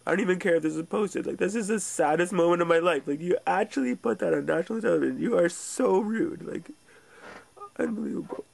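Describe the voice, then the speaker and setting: A man's voice: sits high, animated, a little fast, gravelly. A young man recording himself while crying, swearing heavily in distraught outbursts. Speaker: vlogger. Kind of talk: distraught self-recorded rant.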